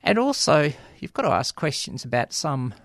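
A chatty Australian man hosting a community radio show in a studio, his voice gravelly with touches of vocal fry. He rambles easily through ums and dry jokes. The recording sounds close and dry, with no room around the voice. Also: on the high side, sing-song, normal speed, a bit bright, no room sound. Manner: chatty, wry, many ums and asides. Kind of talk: casual radio monologue. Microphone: studio microphone.

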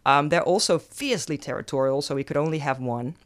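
A woman, a former aquarium diver, telling stories in a casual, animated way with many fillers and bursts of laughter. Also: fairly quick. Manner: animated, lots of fillers and laughs, pitch jumps when excited. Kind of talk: casual conversational storytelling.

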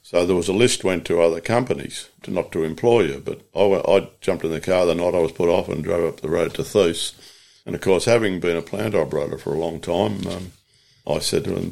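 A man's voice: sits low, brisk, vocal fry, a little mellow. An older Australian man, a union organiser, telling stories from his working life in a plain-spoken, rambling way in an interview. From Latrobe Valley, Australia. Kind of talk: reflective interview storytelling.

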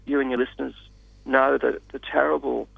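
Guy with a rough gravelly voice, halting radio interview, dry muffled sound. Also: medium pitch, level tone, no echo. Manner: measured, hesitant with many fillers. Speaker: radio guest.

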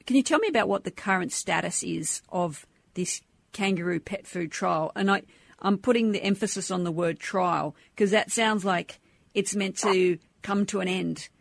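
A woman's voice: mid-range voice, normal speed, gravelly. A woman radio host, asking probing, conversational questions. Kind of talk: radio interview.

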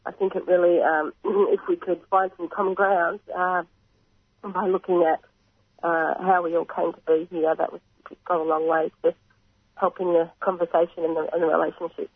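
An Australian man with a croaky voice, earnestly explaining his organisation's work in a radio interview, pausing often and clearing his throat. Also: sits high, little pitch movement, no echo. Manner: earnest, measured, frequent pauses and throat clearing. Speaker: reconciliation organisation representative. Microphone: phone line. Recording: tinny phone line, dry.

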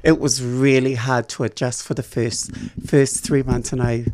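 A woman's voice: rumbling low, level tone, moderate pace, noisy background. Sassy storytelling trans woman. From Samoa. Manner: sassy, playful storyteller who acts out quoted voices. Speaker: guest. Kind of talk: casual interview chat.

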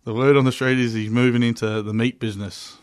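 A man's voice: mid-range voice, fairly even intonation, fast talker, clear, resonant tone. An Australian man co-hosting live radio, joking and laughing at himself. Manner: laughing, jokey, self-mocking. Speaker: radio co-host.

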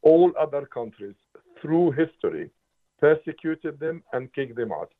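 A man's voice: fairly high pitch, big pitch swings, a little slow. A man in his seventies from Palestine, speaking as a guest in a radio interview in an impassioned, emphatic way. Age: 70s. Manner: impassioned, emphatic, occasional restarts. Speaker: interview guest, writer and political analyst. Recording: tinny phone-like radio line.

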